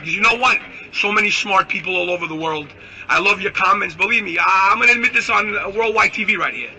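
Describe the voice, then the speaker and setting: A man's voice: high-pitched, fast talker, a little hiss or hum, low-quality recording. A man delivering a brash, insulting political rant. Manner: brash, loud, insulting, animated ranting. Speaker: political commentator in a clip. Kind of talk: ranting political monologue.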